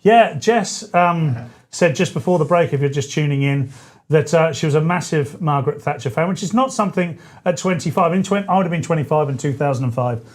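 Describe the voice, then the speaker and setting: A man, hosting a live-stream show in a chatty, joking way with quick asides. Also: a little high. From England. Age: 40s. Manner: chatty, jokey, self-correcting asides. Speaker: show host. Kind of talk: casual live-stream chat.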